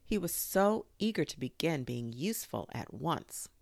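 A woman reading a children's story aloud in an expressive, unhurried way. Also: sits low, creaky, dry recording.

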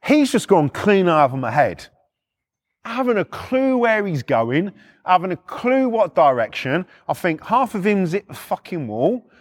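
A man's voice: high-pitched, measured pace. Blunt, sweary man telling stories. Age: middle-aged. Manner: blunt, sweary, animated retelling. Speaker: former repo man storyteller. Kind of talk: casual storytelling.

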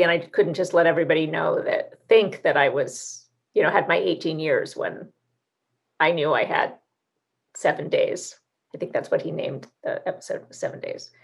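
A woman's voice: lowish voice, creaky. Chatty woman podcast co-host. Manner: chatty, animated storyteller. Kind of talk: casual conversation.

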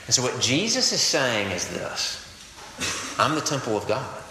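A man's voice: mid-range voice, sing-song, a little slow, bright, forceful tone, echoey room, in a large hall, slight background noise, poor audio. A man preaching a sermon to a campus group, earnest and conversational, weaving in stories and quotes. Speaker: campus ministry pastor.

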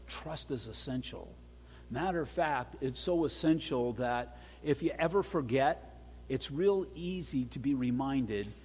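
A middle-aged pastor delivering a sermon, earnest and emphatic, building with repetition. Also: male voice, a little high. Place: church sanctuary. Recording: long church hall reverb.

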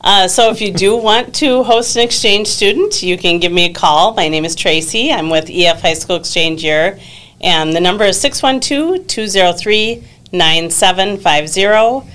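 A woman's voice: mid-range voice, normal speed, fairly bright tone. A woman being interviewed as an exchange program coordinator, explaining things in a friendly way with fillers. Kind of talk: casual interview talk.

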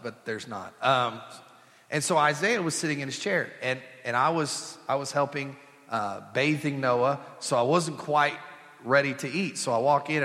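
A young man, a pastor, preaching a sermon in a relaxed, conversational way, mixing in jokes and family stories. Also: on the high side. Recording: long hall reverb.

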